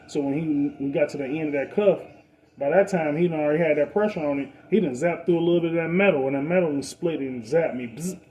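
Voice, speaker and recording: A fast-talking Detroit man tells a street story as a podcast storyteller, full of profane street slang. He's animated and voices other people in a higher pitch, captured in a low-quality recording with slight background noise.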